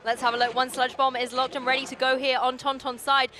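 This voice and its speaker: A woman giving quick, upbeat color commentary and analysis during a live competitive game broadcast. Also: sits high, little pitch movement, crowd noise. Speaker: esports co-commentator.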